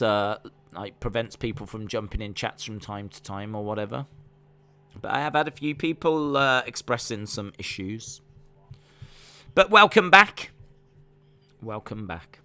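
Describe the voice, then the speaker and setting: A man's voice: mid-range voice, sharp tone, smooth. A man with an English accent casually chatting on a live stream, reading out viewer comments in a rambling, self-deprecating way. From England. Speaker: wrestling watch-along streamer.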